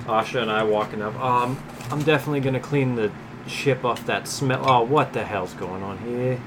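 A woman's voice: extremely low pitch, moderate pace. A woman player in a tabletop game, talking casually and a bit hesitantly. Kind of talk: in-character tabletop chat. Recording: noisy recording.

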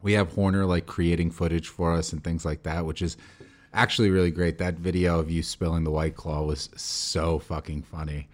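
A man's voice: sits low, flat delivery, moderate pace. A young man co-hosting a podcast, chatting casually in a rambling, profane way with lots of restarts and fillers. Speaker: podcast co-host. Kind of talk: casual chat.

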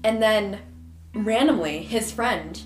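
A woman's voice: mid-range voice, takes it slowly, roomy sound, faint music behind. A young woman co-hosting a casual podcast chat, chatty and filler-heavy. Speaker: podcast co-host.

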